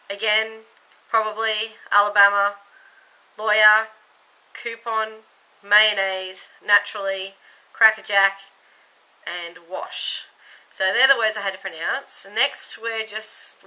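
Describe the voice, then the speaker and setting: A woman's voice: medium pitch, bright, forceful tone, low-quality recording. A young woman from Queensland with an Australian accent, chatting casually through an accent tag vlog, giggly and losing her place now and then. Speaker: vlogger.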